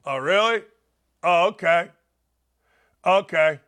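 Older male sports radio host; high, bright tone; blunt, animated storyteller. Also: slow. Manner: blunt, animated storyteller who acts out quotes. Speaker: sports talk show host. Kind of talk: opinionated sports radio talk.

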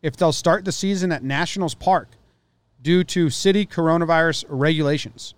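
A man's voice: on the high side, moderate pace, clean tone, no echo. A man co-hosting a casual sports podcast, joking and loose, often trailing off and restarting his sentences. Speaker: podcast co-host.

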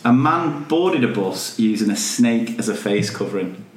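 A man's voice: fairly low pitch, lively intonation, normal speed. Jokey man in an echoey room. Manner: jokey, storytelling, reads news headlines aloud. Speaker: podcast co-host. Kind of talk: casual chat.

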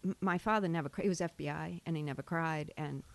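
An older woman from Massachusetts with a Boston accent, telling stories in a chatty, animated way in casual conversation. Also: sits low, quick pace, gravelly. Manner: chatty, animated storyteller, trails off and restarts. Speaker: guest. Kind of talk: casual chat.

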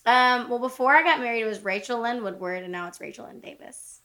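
A woman's voice: on the high side, fast talker. Bubbly young woman telling a story. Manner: animated, giggly storyteller. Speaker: podcast guest. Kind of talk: casual storytelling chat.

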